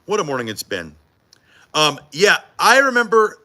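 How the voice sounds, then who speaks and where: Lively, bright-voiced joking male anchor. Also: high voice, moderate pace. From United States. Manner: joking, playful, teasing. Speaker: morning TV news anchor. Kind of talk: casual behind-the-scenes banter.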